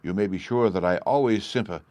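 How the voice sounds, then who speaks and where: A man voicing a fussy, pompous male court Chancellor with a thin squeaky voice, a flustered speechmaker in an audiobook reading. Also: brisk, darkish tone, no room sound, lightly acted.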